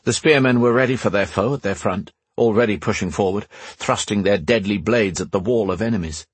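Male audiobook narrator, steady measured telling, husky lowish voice, dry close sound. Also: no echo. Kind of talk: scripted fantasy narration.

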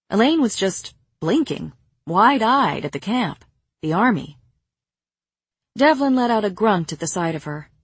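A woman reading a novel aloud in first person, with measured, even storytelling. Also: lowish voice, breathy edge, no echo. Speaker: audiobook narrator. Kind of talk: scripted first-person narration.

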